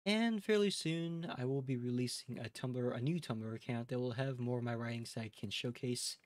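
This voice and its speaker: A man's voice: medium pitch, moderate pace, dry recording. A man with a Midwestern accent, chatting casually and rambling a little as a live streamer talking to his chat. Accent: Midwestern American. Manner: relaxed, rambling, addresses chat directly.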